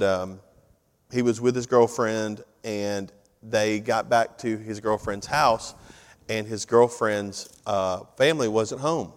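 A middle-aged man, preaching a sermon and telling stories in a lively, conversational way. His voice sits at an ordinary pitch for a man. The sound carries a long reverb, as if recorded in a large church sanctuary. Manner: conversational, animated storytelling. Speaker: pastor.

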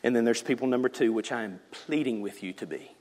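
A male pastor preaching a sermon, swinging between shouted lines and hushed whispers. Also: medium pitch, quick pace. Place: church sanctuary. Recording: church hall reverb.

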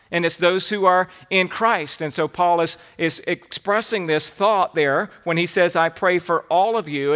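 A man's voice: high voice, a bit bright. A man with a Southern American accent preaching an expository sermon, teaching from an outline and reading scripture aloud. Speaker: pastor.

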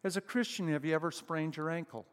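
A man preaching a sermon as pastor, emphatic, with loud rising exclamations and questions put to the congregation. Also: on the high side, quick pace. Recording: long hall reverb.

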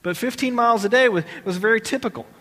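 A man's voice: very high-pitched, fast talker, a bit bright, in a large hall. A man teaching an informal Bible class in a conversational way, asking his listeners questions and often restarting his sentences. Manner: conversational, asks the audience questions, many restarts.

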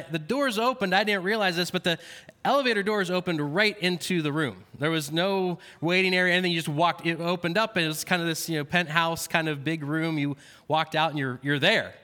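A man's voice: fairly high pitch, pushed and bright, clear, resonant tone. A man preaching a sermon, telling a personal story with frequent fillers and then reading scripture aloud. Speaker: pastor. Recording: long hall reverb.

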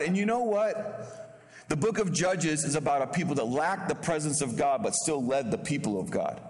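Animated preacher in a reverberant hall. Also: male voice. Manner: animated, acts out bold voices with sharp pitch jumps; conversational, casual slang. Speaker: guest pastor. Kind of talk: sermon.

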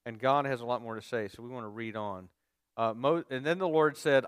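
A man's voice: mid-range voice, a little fast, no room sound. A male pastor preaching a sermon, reading scripture aloud and explaining it to his listeners, calling for their responses.

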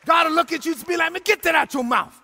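Pastor, male, high bright voice with gravelly edges, shouting, sing-song sermon delivery. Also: fast talker, a faint crowd. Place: church sanctuary.

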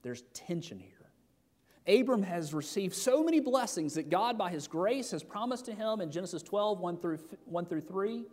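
Preaching a sermon in a space with long hall reverb, a middle-aged pastor speaks at normal speed in a high, expressive, slightly mellow voice. His delivery is conversational, with rhetorical questions and many restarts.

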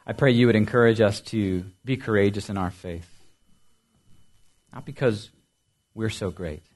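A man preaching a sermon as pastor, building to loud emphasis and dropping to soft, quiet lines, often repeating and asking questions. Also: fairly low pitch, unhurried. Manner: dynamic preaching, swings from loud emphasis to soft near-whispers.

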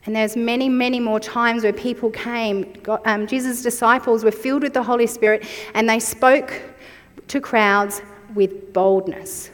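A woman's voice: a little high, fairly even intonation, a little slow, a bit bright, big-room sound. A woman in her forties preaching a sermon, reflective and personal as she shares her own story.

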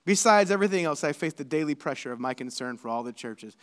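This fast-talking pastor barely pauses as he preaches with animation, his fairly high male voice stacking points into shouted, emphatic lists. Long reverb from the large hall rings around every word.

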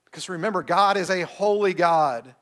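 A man with a bright, high-pitched voice delivers a sermon. His tone is relaxed and conversational, with a playful streak, and he keeps tossing questions to his listeners and answering them himself. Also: moderate pace. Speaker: pastor. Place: streamed service addressing an online chat.

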